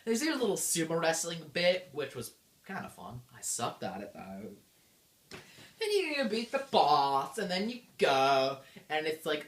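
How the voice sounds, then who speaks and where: Bubbly low-voiced woman gushing about a game. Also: sing-song, measured pace, echoey room. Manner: bubbly, gushing, jokey retelling. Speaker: game reviewer. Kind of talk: casual game recap.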